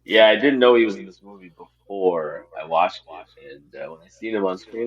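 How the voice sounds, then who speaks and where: A man's voice: on the low side, brisk, hardly any pauses, highs cut off. A man co-hosting a casual podcast chat, laid-back and swearing casually. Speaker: podcast co-host.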